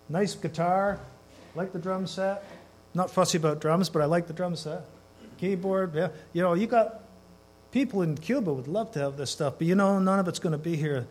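A man with a notably high voice preaches a sermon in a church, talking to the congregation conversationally and often putting questions to them. He slows down and speeds up to stress his points. A low mains hum runs under the recording. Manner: conversational, asks the congregation questions, varies pace for emphasis. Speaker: guest preacher. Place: church sanctuary.

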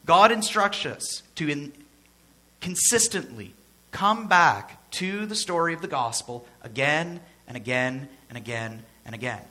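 Bright-voiced male pastor preaching. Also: fairly high pitch, animated, a little slow. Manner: conversational, joking asides, repeats for emphasis. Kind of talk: sermon.

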